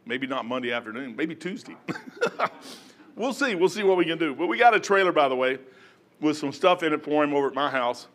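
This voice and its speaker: High bright-voiced folksy preacher man. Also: animated, quick pace. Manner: folksy storytelling, bursts into loud shouts when acting out prayers. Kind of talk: sermon.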